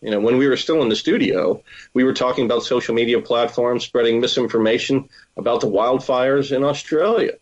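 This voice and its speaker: A man's voice: mid-range voice, fairly quick, highs cut off. A man co-hosting a talk show over a remote call, thinking aloud with some restarts. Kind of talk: casual news discussion over a call.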